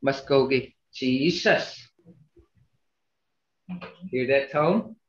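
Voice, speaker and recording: A man teaching a language class over a video call, slowly repeating words to show how tone changes meaning. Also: mid-range voice. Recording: roomy, dull video call audio.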